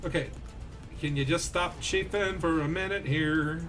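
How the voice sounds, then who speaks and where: High bright-voiced man gaming. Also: measured pace, soft background music. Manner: animated, yells when excited. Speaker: game streamer. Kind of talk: excited gameplay commentary.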